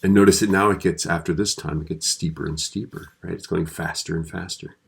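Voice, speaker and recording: A man's voice: low-pitched, fairly even intonation, a little fast, creaky, husky. A man teaching a physics video lesson in a conversational way, often checking in with the listener.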